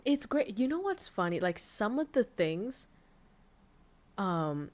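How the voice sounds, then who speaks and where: A young woman from Vietnam, a VTuber streamer chatting casually on a livestream, frank and quick to swear and laugh. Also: mid-range voice, sing-song, a little mellow. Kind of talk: casual livestream chat reading posts.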